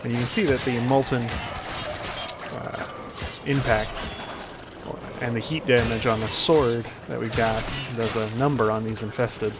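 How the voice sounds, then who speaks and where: A man's voice: medium pitch, steady tone, unhurried, over music. A man hosting a casual gameplay commentary, rambling with lots of fillers. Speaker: gaming video host.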